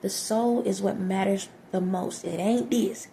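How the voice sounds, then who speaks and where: Woman vlogger, soft but direct, kinda gravelly, preachy advice, keeps asking okay?. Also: mid-range voice, a little slow, slight background noise. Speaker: vlogger giving life advice. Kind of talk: direct-to-camera motivational talk.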